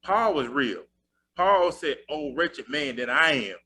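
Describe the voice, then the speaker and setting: A man's voice: on the high side, animated, takes it slowly, pushed and bright. A man hosting a casual faith talk show, conversational and quoting scripture.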